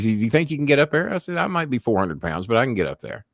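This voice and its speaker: A man's voice: lowish voice, expressive, quick pace, few pauses, no room sound, studio quality. A man hosting a casual chat show and telling a profane wrestling story. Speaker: show host.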